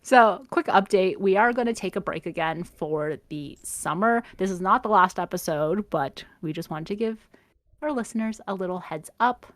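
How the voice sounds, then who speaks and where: A woman's voice: mid-range voice, normal speed, dry recording, studio quality. A young woman co-hosting a podcast, chatting casually with lots of fillers and self-corrections. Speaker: podcast co-host. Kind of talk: casual chat.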